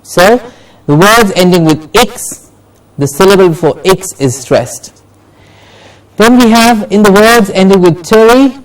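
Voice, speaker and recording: A man teaching English word stress, slowly repeating each example word for the class to say along. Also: high voice, recorded from a distance, poor audio. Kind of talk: classroom lesson with drills.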